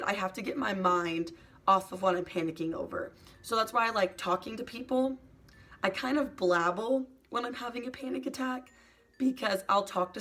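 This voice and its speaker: Soft-spoken young woman sharing personal struggles. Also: medium pitch. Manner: soft, hesitant, many "like" fillers. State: emotional, near tears at times. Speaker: YouTuber. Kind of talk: personal confessional vlog.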